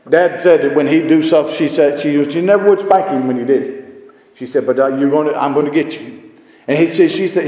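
A man's voice: on the high side, a little mellow, reverberant, long reverb tail. A man preaching a sermon, emphatic, firing rhetorical questions and repeating his phrases.

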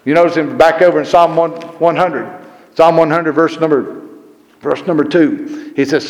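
A man preaching a sermon. He rises and gets louder on scripture and repeats verse references as he goes. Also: a little high, a little slow. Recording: roomy hall echo.

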